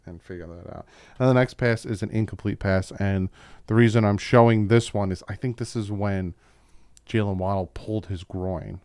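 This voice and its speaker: Deep and darkish, this man's voice comes through clean studio sound with no echo. He hosts a relaxed football film-study video on YouTube, offering strong fan opinions and plenty of side comments.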